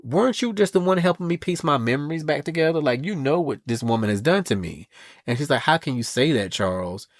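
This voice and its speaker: Sassy, animated man recapping comics. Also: on the high side, fast talker, no room sound, studio quality. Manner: animated and sassy, reads quotes in voices. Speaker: podcast co-host. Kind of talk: casual comic book recap.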